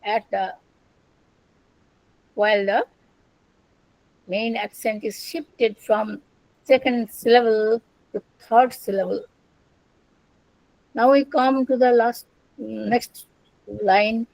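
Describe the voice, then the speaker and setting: An older woman giving an academic lecture on ancient language, slow and deliberate, repeating words as she explains. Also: a little high, no room sound, rough recording. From India. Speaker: lecturer on Sanskrit and Prakrit.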